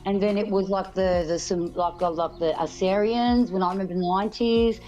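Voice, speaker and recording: A woman's voice: medium pitch, fairly even intonation, brisk, mellow, muffled recording. Rambling woman, casual chat. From Australia. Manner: rambling, restarts, frequent laughs.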